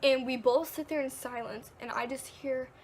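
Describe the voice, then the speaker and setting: A woman's voice: high voice, steady tone, normal speed, a little hiss or hum. A teenage girl vlogging, casually telling a story, full of "like" and acted-out quotes. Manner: chatty, peppered with "like", acts out quotes.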